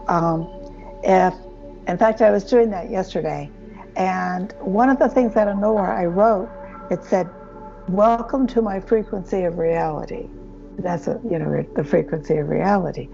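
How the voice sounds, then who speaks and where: A woman hosting a casual spiritual conversation, speaking slowly and acting out inner voices as she explains. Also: fairly low pitch, creaky, dull audio. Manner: slow, expressive, acts out inner voices. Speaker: spiritual channeler and host.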